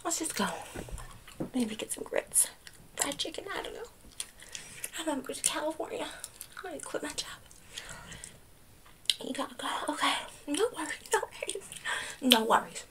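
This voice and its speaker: A woman's voice: sits high, lively intonation, normal speed, long pauses. A woman voicing a chatty, rambling female makeup counter clerk with a put-on New Jersey accent in a whispered role-play, chewing gum as she talks, close to the mic. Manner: rambling, gushing, chews gum while talking.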